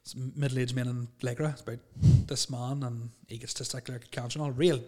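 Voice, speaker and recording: A man telling a rambling, animated story in casual chat, laughing and swearing as he goes. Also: mid-range voice, brisk. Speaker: podcast guest telling stories.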